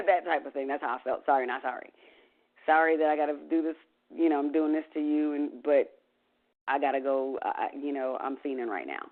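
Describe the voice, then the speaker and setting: A woman's voice: deep voice, fairly quick. A woman recounts a painful family memory, candid and emotional. She peppers her speech with "you know" and the odd curse word. The sound is thin and tinny, like a phone line. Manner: emotional, candid, swears casually, trails off in fillers. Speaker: interview guest. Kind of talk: candid personal storytelling.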